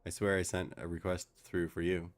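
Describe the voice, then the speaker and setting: A male game streamer in a relaxed, joking chat with viewers, talking a friend through the game. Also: sits low, normal speed. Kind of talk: casual gaming chat with viewers.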